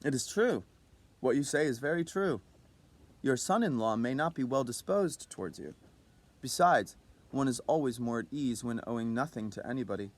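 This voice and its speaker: A man voicing a modest, cautious young male clerk who answers in a measured, quiet way. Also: mid-range voice, lively intonation, close to an everyday voice. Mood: reassuring.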